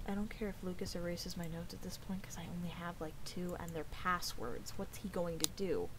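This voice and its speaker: Over a noisy background, a young woman with a fairly low, steady voice talks fairly quickly as she plays a game on stream. Her let's-play chat is casual; she curses a lot and sometimes lowers her voice to a whisper.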